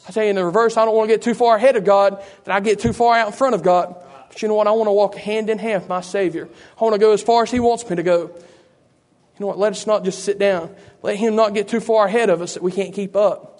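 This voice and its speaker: A man's voice: high-pitched, fairly even intonation, fast talker, few pauses, a little mellow. A man preaching a sermon as pastor, calling out rhetorical questions to his church.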